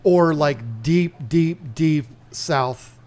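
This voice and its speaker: A man's voice: fairly high pitch, extremely slow, darkish tone. A man in his fifties co-hosting a podcast, chatting casually in a rambling, enthusiastic way. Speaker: podcast co-host. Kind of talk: casual chat.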